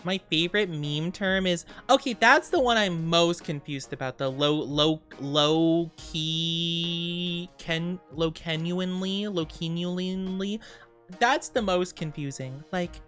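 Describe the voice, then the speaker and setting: A woman's voice: lowish voice, slow, a bit bright, soft background music. A woman in her twenties chatting casually on stream, rambling and giggling often, and playing around with silly voices. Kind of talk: casual chat.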